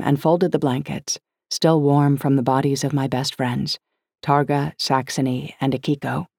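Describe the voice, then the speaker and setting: A woman's voice: sits low, gravelly, darkish tone, no echo. A woman narrating a first-person audiobook with wry, dry humour.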